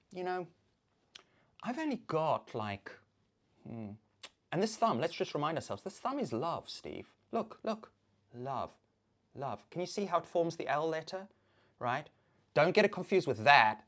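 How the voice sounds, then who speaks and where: Yt ranter talking to the camera, swears constantly, dramatic repeats, pitch bouncing all over. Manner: profane, swings between loud outbursts and low muttering; theatrical, repeats words over and over. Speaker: YouTuber. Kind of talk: ranting monologue to camera.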